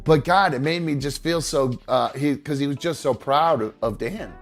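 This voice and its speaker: Over soft background music, a male podcast host chats casually, his slightly high voice moving at a moderate pace. He rambles, restarts and uses lots of fillers, mumbling to himself as he adjusts his equipment, and grows sentimental to the point of choking up.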